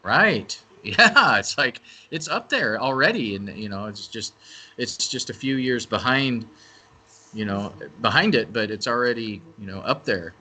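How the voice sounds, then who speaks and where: A man's voice: mid-range voice, expressive, measured pace, sharp tone. A man speaking as a guest on a radio interview, talking casually and rambling, often restarting and correcting himself. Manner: rambling, self-correcting talker. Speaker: event organizer and interview guest.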